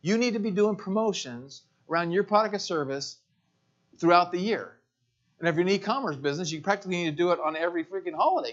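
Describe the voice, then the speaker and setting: A man giving a live marketing seminar to a room, energetic, repeating phrases and checking in with "right?". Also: high-pitched, highs cut off. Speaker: marketing speaker.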